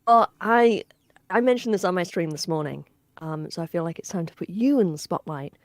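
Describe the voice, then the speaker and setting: A woman's voice: lowish voice, fairly quick, dry recording. A woman co-hosting a casual live gaming stream, friendly and chatty, giggling often. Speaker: podcast co-host.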